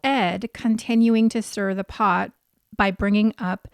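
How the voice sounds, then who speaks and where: A woman's voice: medium pitch, fairly even intonation, measured pace, dry recording. A woman co-hosting a podcast, recapping a reality show in blunt, profane, opinionated casual chat. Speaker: podcast co-host.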